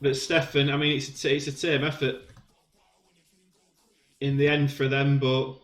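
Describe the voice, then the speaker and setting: A man giving excited play-by-play commentary on a football video game, shouting when goals go in. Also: mid-range voice, moderate pace, roomy sound, faint music behind. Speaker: gaming commentator.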